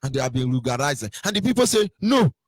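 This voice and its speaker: A Nigerian man in a heated political monologue, swinging between loud sing-song mockery and low muttering. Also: sing-song, quick pace, breathy edge, dry recording.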